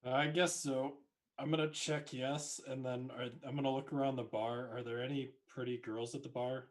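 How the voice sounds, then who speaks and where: Flat-voiced deadpan player. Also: male voice, medium pitch, normal speed. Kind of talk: casual tabletop play.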